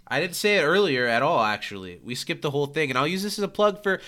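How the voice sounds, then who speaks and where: A man's voice: on the high side, lively intonation, quick pace, bright, forceful tone. A man co-hosting a podcast in casual chat, joking and reading sponsor plugs. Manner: joking, reads patron plugs. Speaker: podcast co-host.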